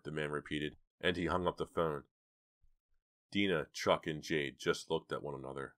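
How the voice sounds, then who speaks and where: A man narrating an audiobook in measured, scripted storytelling. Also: very deep voice, steady tone, fairly bright tone, no echo, studio quality.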